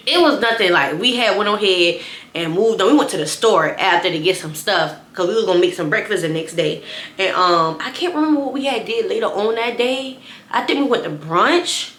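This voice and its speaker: A young woman vlogger tells a loose, chatty story directly to camera, her mid-range voice bright, forward, animated and brisk. She keeps addressing her viewers and loops back over her own phrases, and the room sounds echoey.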